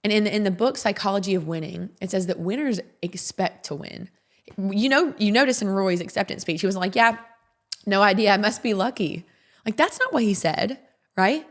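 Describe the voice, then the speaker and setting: A woman's voice: medium pitch, expressive, a little fast. A woman hosting a podcast in a casual, rambling monologue, openly emotional and often repeating herself. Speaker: podcast host.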